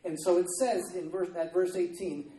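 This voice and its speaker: A man delivers a sermon in a chatty, conversational manner, often pausing to check in with his listeners. His voice is slightly high and mellow. He sounds somewhat distant from the mic, in an echoey church room. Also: little pitch movement. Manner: conversational, repeats "okay?" to check in. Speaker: preacher.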